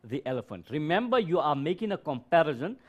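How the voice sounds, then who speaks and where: A man teaching biology on a live stream, explaining slowly and repeating key terms with rhetorical questions. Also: fairly high pitch, very animated, highs cut off. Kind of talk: live-streamed classroom lesson.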